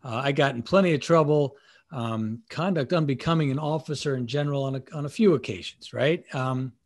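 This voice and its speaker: A man's voice: mid-range voice, a little fast. A middle-aged man in a conversational interview, explaining leadership and acting out bits of dialogue. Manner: animated, acts out dialogue with quotes. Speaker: guest, leadership author.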